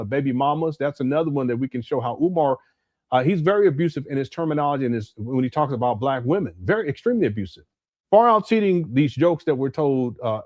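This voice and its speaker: Male live-stream host: slightly high voice, blunt and emphatic, repeats words as he restarts, casual chat-reading commentary, dry sound. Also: dry recording, highs cut off. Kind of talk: casual commentary while reading super chats.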